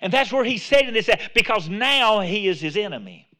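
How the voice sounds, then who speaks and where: A man preaching to his congregation in a high, bright voice. He talks it through like a conversation, doubling back on his words, then presses hard into emphatic exhortation. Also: lively intonation, a little fast. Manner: repeats words and restarts phrases. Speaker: pastor. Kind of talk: sermon.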